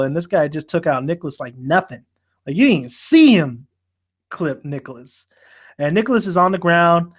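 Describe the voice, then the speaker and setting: Animated, profane young-sounding man. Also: sits high. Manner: animated, profane, acts out characters' lines. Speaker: podcast host. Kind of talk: casual anime discussion.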